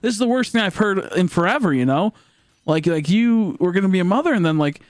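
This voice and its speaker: Male streamer, high voice, dry close mic, rambling casual storytelling with excited jumps in pitch. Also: quick pace, no echo. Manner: rambling, animated, voice jumps high in retold dialogue.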